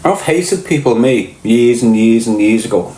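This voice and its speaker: A middle-aged podcast host from Liverpool, England, rants bluntly in a Liverpool accent, swearing and firing rhetorical questions at his viewers. His medium-pitched voice is lively and dark-toned, at normal speed, on a rough, reverberant recording.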